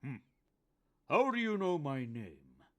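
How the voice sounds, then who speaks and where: A man's voice: on the high side, sing-song, slow pace, fairly bright tone, pitched above the performer's own voice, heavily acted. A man voicing an old undertaker, haughty, testy and sarcastic, with pompous wording.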